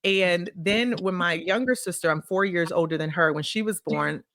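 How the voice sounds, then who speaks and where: Low-voiced woman telling personal stories. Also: moderate pace, dry recording, clean studio sound. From Illinois, USA. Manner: animated, acts out remembered dialogue. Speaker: podcast guest, consulting firm CEO. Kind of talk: casual interview storytelling.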